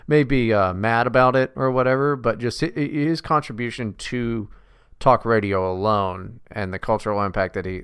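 A man's voice: on the low side, a bit bright, clean tone, dry recording, studio quality. A man co-hosting a podcast in casual chat, crude and blunt, swearing freely. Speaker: podcast co-host.

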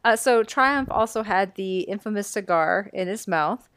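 A woman's voice: medium pitch, normal speed, a bit bright, smooth, no room sound. A young woman co-hosting a casual podcast, laughing often and swearing freely. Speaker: podcast co-host. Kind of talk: casual chat.

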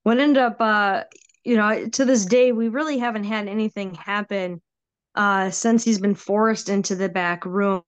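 A woman guest telling a personal ghost story in a casual, animated way. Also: mid-range voice, unhurried, clean tone. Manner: animated, acts out quoted voices.

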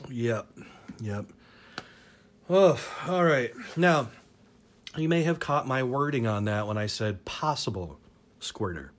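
A man's voice: mid-range voice, expressive, slow, long pauses. A man in his thirties hosting a talk show, telling a personal dating story in a crude, rambling way, full of profanity and laughing at his own tale.

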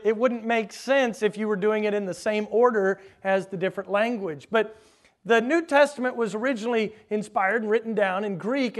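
A man with a notably high voice delivers a sermon in a teacherly way. He quizzes his congregation as if giving a lesson and slows right down to press single words home. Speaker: preacher.

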